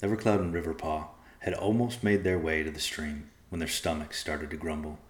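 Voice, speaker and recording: Reading a storybook aloud in a steady, calm manner, a man speaks a little fast in a very deep voice. His echoey surroundings come through clearly.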